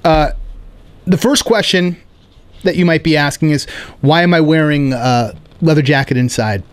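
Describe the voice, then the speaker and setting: A man hosting a comedy podcast, riffing in a rambling, animated, self-mocking monologue indoors. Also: a little high, moderate pace, clean tone. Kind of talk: casual rambling stand-up monologue. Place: indoor room.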